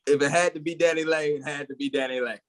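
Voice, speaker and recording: A man's voice: fairly high pitch, steady tone, fast. A man co-hosting a casual podcast, giving an opinionated, heated rant and laughing at his own jokes. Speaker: podcast co-host.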